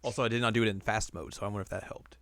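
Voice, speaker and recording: A man's voice: on the low side, steady tone, racing, a bit bright, no echo. A man co-hosting a podcast, chatting casually and slipping in wry jokes. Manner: wry, joking asides. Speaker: podcast co-host. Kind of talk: casual chat.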